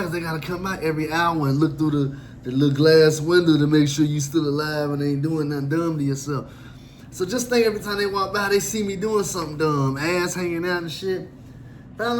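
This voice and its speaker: A man telling a true story about himself in a casual, animated and profane way, acting out the other people in it. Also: fairly high pitch, slight background noise.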